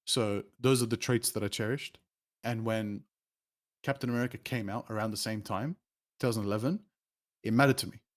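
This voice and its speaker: A man, a streamer telling rambling, animated stories as an interview guest. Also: fairly quick. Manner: animated, rambling, with sudden pitch jumps. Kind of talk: casual storytelling.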